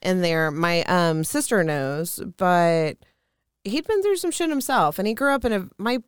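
Young woman, Midwestern American accent, candid storyteller, very clear lowish voice, dry close sound. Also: expressive, measured pace, dry recording. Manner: candid, swears freely, laughs often. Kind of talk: casual storytelling chat.

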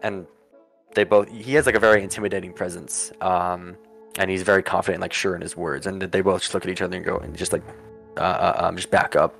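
A man with a fairly low voice runs a tabletop game as its game master. He narrates in a rambling way, full of fillers, and slips quickly into characters. Faint music plays behind him. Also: fairly even intonation, creaky, a bit bright.

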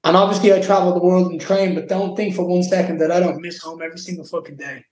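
An intense young Irish man with a high voice, speaking with raw emotion and plenty of swearing. He sounds like he is in an echoey room. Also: level tone, fast talker, a little mellow. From Ireland. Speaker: guest fighter. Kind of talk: casual interview.

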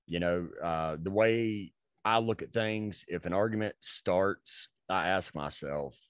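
Lively, profane man telling stories. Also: sits low, dry recording. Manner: profane, rambling, animated storyteller. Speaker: podcast co-host. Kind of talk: casual storytelling chat.

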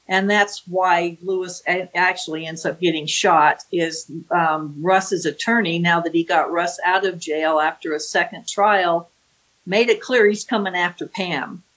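A woman's voice: fairly low pitch, fairly even intonation, measured pace, fairly bright tone, poor audio. Woman vividly retelling a crime story. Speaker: author recounting a true crime case. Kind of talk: storytelling with acted-out quotes.

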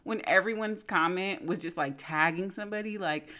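A woman's voice: lowish voice, normal speed, pushed and bright. A woman co-hosting a podcast in casual chat, joking and teasing, laughing often. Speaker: podcast co-host.

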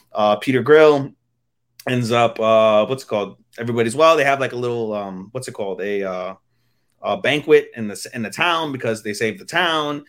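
A man's voice: mid-range voice, a bit bright. A man co-hosting a podcast, giving crude, rambling episode recaps full of fillers. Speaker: podcast co-host. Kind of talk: casual chat.

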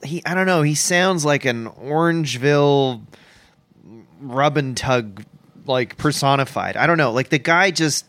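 A man's voice: mid-range voice, moderate pace, a bit bright, no room sound. A man co-hosting a podcast, joking and rambling as he searches for words in improvised comedy chat. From Canada. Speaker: podcast co-host.

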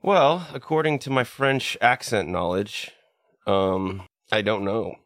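A man's voice: lowish voice, slow, fairly bright tone, dry recording, studio quality. A man, a podcast guest, rambling through joking guesses in casual chat, with plenty of fillers.

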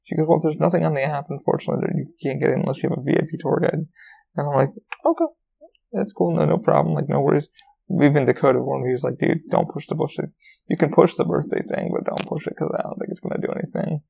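A man's voice: on the high side, quick pace, creaky, dark tone, slightly rough, muffled recording. A podcast host, a man telling a casual, rambling story with lots of swearing and fillers. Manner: rambling, profane, full of fillers.

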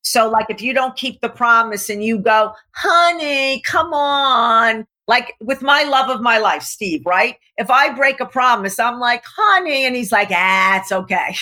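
Here a woman coach, her pitch a touch high, is in conversation with an interviewer. She tells stories with acted-out quotes, stays animated and emphatic, and slows deliberately to underline what matters most.

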